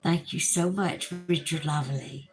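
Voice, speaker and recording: Southern woman host, unhurried chatty livestream delivery, laughs easily, faint music underneath. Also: low voice, fairly even intonation, poor audio. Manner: chatty, laughs often, reads viewer comments aloud. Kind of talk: casual livestream chat reading comments.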